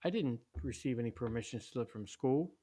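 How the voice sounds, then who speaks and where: A man's voice: mid-range voice, expressive, normal speed, warm tone, lightly acted. A man voicing a stern, worried mother who speaks sharply and raises her voice. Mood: scolding.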